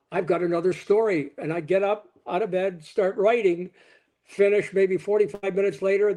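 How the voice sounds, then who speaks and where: An older man, a retired sportscaster from Canada, telling a story in an interview and quoting the people in it. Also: high-pitched. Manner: animated anecdote teller, quoting people in his stories. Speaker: sportscaster guest.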